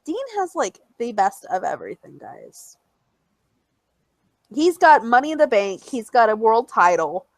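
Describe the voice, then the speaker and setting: A young woman co-hosting a podcast in casual chat, animated and fond of mimicking voices in squeals and coos. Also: on the high side, unhurried, no room sound. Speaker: podcast co-host.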